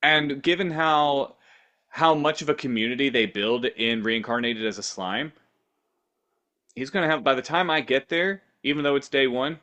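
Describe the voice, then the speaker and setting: A man's voice: mid-range voice, normal speed, sharp tone, lo-fi sound. A man co-hosting a podcast, telling silly improvised stories in a playful, rambling way. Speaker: podcast co-host. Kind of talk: casual improv chat.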